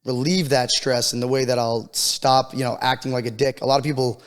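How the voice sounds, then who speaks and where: A man's voice: medium pitch, fairly even intonation, fairly quick, in a large hall. A man co-hosting a podcast in casual chat. He is laid-back, swears freely and repeats words for emphasis. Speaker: podcast co-host.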